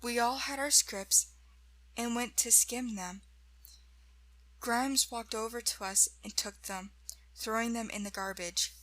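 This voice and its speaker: A woman slowly narrating a first-person horror story in a measured way. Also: on the high side, steady tone, pushed and bright, rough recording.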